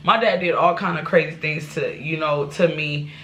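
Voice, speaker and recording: A woman's voice: sits low, normal speed, pushed and bright, slight background noise. A woman vlogger telling a personal life story to her viewers, candid and rambling, with restarts and asides. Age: adult.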